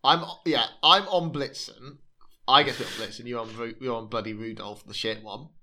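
Bright-voiced, sweary podcast host. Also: male voice, medium pitch, normal speed. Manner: playful, swears freely, reads reviews aloud mockingly. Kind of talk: casual podcast banter.

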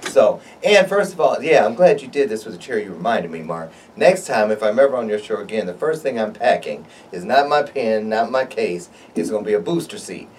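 A man's voice: on the low side, far from the mic, a little hiss or hum. A man being interviewed as a guest on a talk show, joking and telling stories in a playful way. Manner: playful, joking, animated storyteller. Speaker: guest, public speaking coach. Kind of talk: casual interview chat. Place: radio studio.

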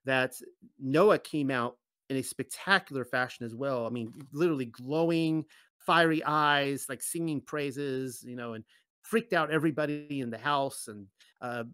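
A man's voice: mid-range voice, moderate pace, a bit bright, no room sound. A man reading a scripture passage aloud as a Bible teacher and breaking off into conversational comments. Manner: conversational asides between readings.

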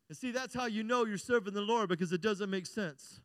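Pastor guy preaching hard, really high voice, super smooth and clear, close dry sound. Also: fairly quick, few pauses, no room sound. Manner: impassioned preaching, rising to shouts and sung lines. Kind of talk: sermon. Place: church.

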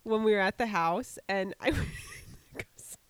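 A woman's voice: mid-range voice, moderate pace, clear, resonant tone. A young woman in her twenties co-hosting a podcast, chatting casually with a friend, giggly and swearing freely. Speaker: podcast co-host. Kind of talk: casual chat.

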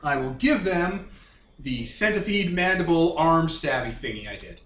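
Lively player in an echoey room. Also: mid-range voice, normal speed. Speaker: tabletop player. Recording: echoey room with clear noise.

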